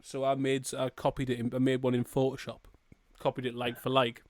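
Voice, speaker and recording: A man's voice: medium pitch, monotone, brisk, darkish tone, no echo. A young adult man co-hosting a podcast, joking and swearing in casual chat. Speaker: podcast co-host.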